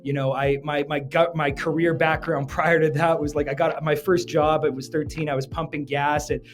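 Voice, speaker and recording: A man, an entrepreneur giving energetic, joking business advice straight to camera. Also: a little high, normal speed. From Canada. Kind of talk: motivational business talk to camera.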